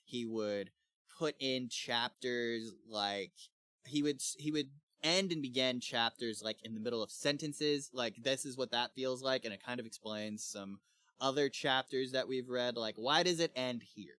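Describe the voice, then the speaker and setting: A man's voice: medium pitch, a little slow, smooth, no room sound. Laid-back young man, dry close sound. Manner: relaxed, rambling, laughs often. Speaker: podcast co-host. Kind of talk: casual book club chat.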